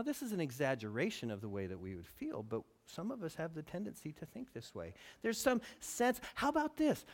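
Man preaching, high voice, animated, acts out quotes. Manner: animated, acts out quotes, rises to near shouting. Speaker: pastor. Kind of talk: sermon.

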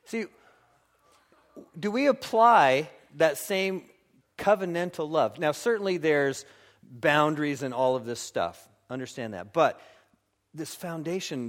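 Guy preaching in church, reads scripture, slips into goofy voices for little skits. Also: on the high side. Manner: animated, acts out little scenes in funny voices. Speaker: pastor. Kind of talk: sermon.

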